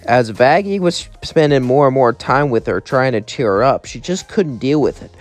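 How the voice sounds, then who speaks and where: A man's voice: medium pitch, animated, normal speed, soft background music. Rambling man narrating a fan story.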